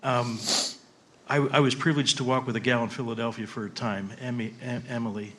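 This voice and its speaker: Relaxed male panel moderator, mid-pitched, faint hiss behind. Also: a little fast. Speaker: panel moderator, rescue mission worker. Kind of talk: panel discussion.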